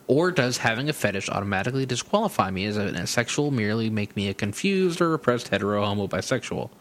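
A man's voice: mid-range voice, fairly bright tone. A man co-hosting a podcast, reading a listener's email aloud in a plain, matter-of-fact way. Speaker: podcast co-host.

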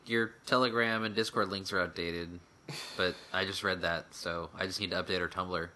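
A man's voice: low voice, steady tone, normal speed, pushed and bright. A man co-hosting a casual podcast, making sarcastic, jokey asides. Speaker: podcast co-host.

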